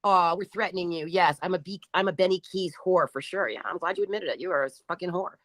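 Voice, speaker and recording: A woman's voice: fairly low pitch, quick pace, fairly bright tone, no echo. A woman hosting a livestream who reads out chat comments and answers them in a mocking, profane and taunting way. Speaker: livestream host.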